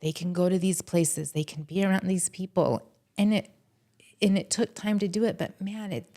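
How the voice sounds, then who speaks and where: A woman therapist speaking as a podcast guest, talking in a casual, animated and heartfelt way about her work. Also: fairly low pitch, gravelly. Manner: animated, acts out quotes from clients and herself.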